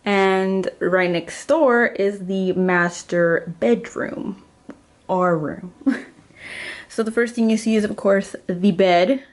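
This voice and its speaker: A woman's voice: mid-range voice, slow. A young woman giving a casual house tour for her vlog, chatty and giggly, a little out of breath as she walks from room to room indoors. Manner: chatty, giggly, lots of "like" fillers. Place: small rented house, indoors, walking room to room.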